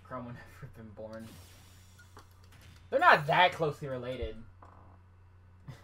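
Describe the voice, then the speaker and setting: A man's voice: medium pitch, big pitch swings, slow, pushed and bright, a little hiss or hum. A man casually commentating his own gameplay on a live stream, self-mocking and swearing when frustrated.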